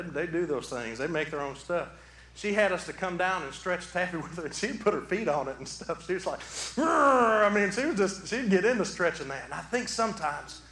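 A man preaching a sermon from the pulpit, animated, swinging from quiet talk to shouting. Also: fairly high pitch. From southeastern Michigan. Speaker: pastor. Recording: echoey hall.

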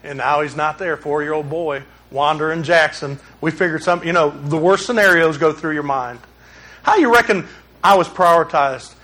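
Animated preacher man. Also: a little high, normal speed. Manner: animated storyteller, acts out shouting and dialogue. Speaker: pastor. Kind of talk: sermon with personal stories.

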